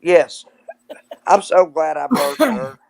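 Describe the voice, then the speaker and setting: A woman's voice: deep voice, animated, slow, gravelly, darkish tone. Teasing, rambling older woman. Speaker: guest, mother of the host. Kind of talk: casual live-stream chat.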